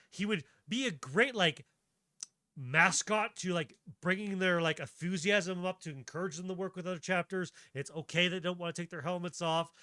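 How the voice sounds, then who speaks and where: A man hosting a loose, tangent-hopping chat on stream, swearing casually as he goes. His voice is bright and forceful, sitting a little high. The sound is dry, with faint music underneath. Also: no echo. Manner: rambling, tangent-jumping, profane. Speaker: streamer, host.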